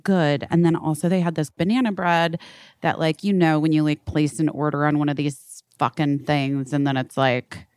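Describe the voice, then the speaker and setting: A woman's voice: low-pitched, fairly even intonation, normal speed, darkish tone, no room sound, clean studio sound. A woman chatting casually over a video call, rambling and swearing freely. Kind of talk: casual chat.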